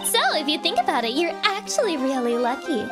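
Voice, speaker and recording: A woman's voice: high voice, big pitch swings, brisk. A woman doing a chirpy carefree circus girl. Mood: breezy. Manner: chirpy, breezy. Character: carefree young circus performer girl, cheerful and oblivious. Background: game music.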